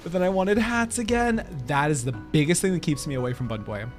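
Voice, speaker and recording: Giggly, animated male streamer. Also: on the high side, brisk, soft background music. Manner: giggly, rambling, chats to viewers. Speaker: game streamer. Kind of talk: casual live-stream chat while gaming.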